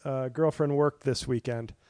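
A man's voice: medium pitch, fairly even intonation, measured pace, dark tone, no echo. A man hosting a casual solo podcast from home, rambling and sarcastic with lots of fillers and self-mocking asides. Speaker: podcast host.

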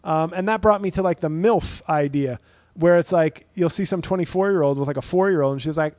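Male comic, 30s, solo podcast host; slightly high voice, dry close sound, rambling and profane. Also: fairly quick, darkish tone, no echo. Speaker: podcast host and stand-up comedian. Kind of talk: casual solo podcast monologue.

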